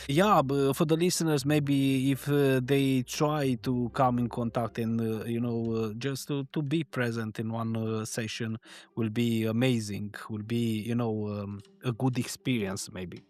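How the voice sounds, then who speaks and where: A man's voice: mid-range voice, fairly even intonation, measured pace. A man hosting a podcast interview, speaking hesitantly with many fillers and non-native phrasing. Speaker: podcast host. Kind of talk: casual interview chat.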